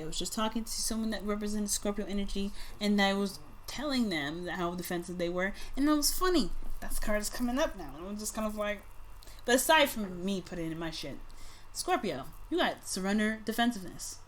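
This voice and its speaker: A woman in the middle of a casual tarot reading, talking straight to the people watching. She speaks bluntly and swears freely. Her pitch sits in the middle, and she moves between quiet, thoughtful stretches and sudden loud bursts. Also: a little hiss or hum. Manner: lively, jumps between soft musing and loud outbursts. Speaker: tarot reader.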